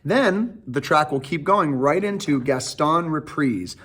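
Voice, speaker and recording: A man's voice: a little high, animated, unhurried, a bit bright, breathy edge. Chatty man explaining auditions. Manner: chatty with fillers, enthusiastic. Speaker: theatre director. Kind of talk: audition instructions.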